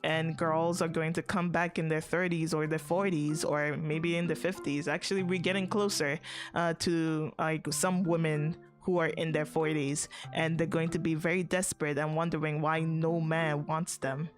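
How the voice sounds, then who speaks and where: A woman streamer rambles through a story in relaxed, blunt chat, swearing casually and laughing as she goes. Her voice sits a little low for a woman. Faint background music plays under her talk. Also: moderate pace. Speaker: VTuber streamer.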